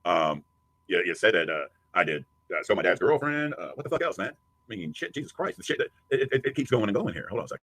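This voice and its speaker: A man's voice: fairly low pitch, big pitch swings, fast talker, fairly bright tone, dry recording. A man giving a crude, taunting rant as a streamer answering a critic. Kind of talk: profane ranting commentary.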